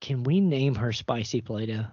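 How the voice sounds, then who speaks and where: A man's voice: mid-range voice, normal speed, warm tone, dry recording. A man hosting a podcast in casual chat, rambling and restarting as he tells stories, with some cursing. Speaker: podcast host. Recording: dull, lo-fi, dry podcast audio.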